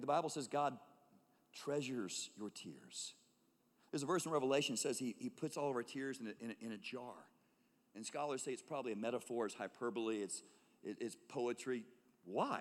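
A man preaching a sermon as a pastor, swinging between loud emphatic calls and hushed, low tones. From United States. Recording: long reverb of a large hall.

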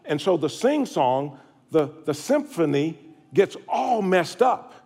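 A man's voice: on the high side, big pitch swings, slow pace, darkish tone, slightly rough. Middle-aged man, Sunday sermon, joking and folksy delivery. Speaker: pastor. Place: church sanctuary.

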